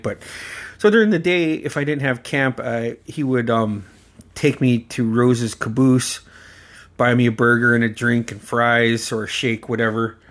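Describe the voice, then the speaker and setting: A man from Alaska hosting a podcast, telling personal stories in a rambling, casual way, laughing often and swearing freely. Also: mid-range voice. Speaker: podcast host.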